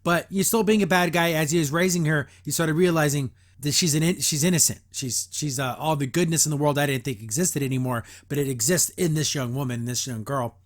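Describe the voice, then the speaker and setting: A man hosting a podcast, casually recapping and reviewing a cartoon episode, rambling with lots of fillers and restarts. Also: fairly high pitch. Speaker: podcast host.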